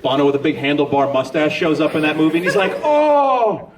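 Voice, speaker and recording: A man's voice: a little high, steady tone, rapid-fire, background noise. A man on a comedic convention panel, rambling and joking self-deprecatingly as he answers audience questions. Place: large convention hall with an audience. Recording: distant mic in a crowded hall.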